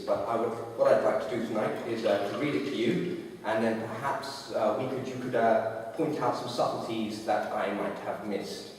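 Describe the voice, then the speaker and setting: A man's voice: mid-range voice, a little mellow, a little hiss or hum, natural voice. A man on stage playing an awkward male comedian who stalls with uh and restarts, recorded from far off in an echoey dance studio. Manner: halting, full of uh and restarts. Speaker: live performer. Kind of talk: stage reenactment of a stand-up routine. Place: dance studio, in front of an audience. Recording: echoey hall, mic far off.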